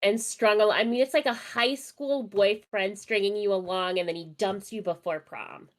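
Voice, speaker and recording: A woman's voice: mid-range voice, fairly even intonation, moderate pace. A woman from Minnesota co-hosting a podcast, chatting about sports in a fired-up, chatty way and swearing freely. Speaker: podcast co-host. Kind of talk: casual sports chat.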